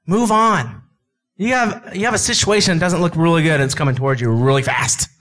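Animated male preacher acting out scripture. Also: fairly high pitch, fast talker. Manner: animated, acts out dialogue with God and Moses; conversational, with asides and laughs. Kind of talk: sermon.

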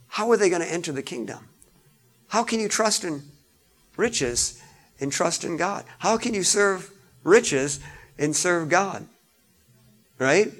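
Man preaching a conversational sermon. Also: high-pitched. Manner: conversational preaching, rises loud on scripture readings. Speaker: pastor.

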